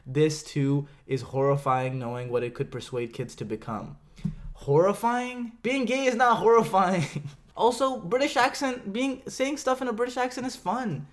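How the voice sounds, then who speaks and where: A man's voice: medium pitch, a little mellow. A man giving casual, sarcastic reaction commentary on a video, laughing often and swearing freely.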